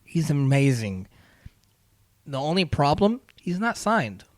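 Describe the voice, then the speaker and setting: A man co-hosting a casual sports podcast, animated and acting out quotes as he talks. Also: fairly high pitch, slow, no echo. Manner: animated, acts out quotes, trails off and restarts. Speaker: podcast co-host.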